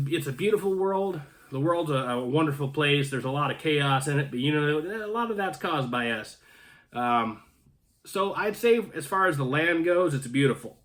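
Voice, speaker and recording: A man's voice: on the high side, a bit bright. A man from North Carolina hosting his channel, chatting casually with viewers and reading their comments, rambling with joking asides and frequent restarts. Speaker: channel host. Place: home in Canada.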